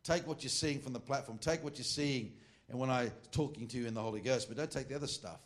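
Joking Australian preacher, rambling asides. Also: male voice, mid-range voice, fast talker. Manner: rambling and joking, with frequent asides and self-corrections. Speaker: preacher teaching a ministry class. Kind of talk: informal sermon.

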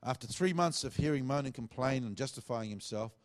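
A man's voice: medium pitch, fairly quick. A middle-aged man, a pastor, earnestly telling a testimony and acting out the dialogue he quotes.

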